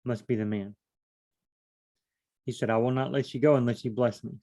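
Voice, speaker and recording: A man leading a casual solo Bible study, reading verses aloud and then musing on them out loud with questions. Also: mid-range voice, steady tone, normal speed.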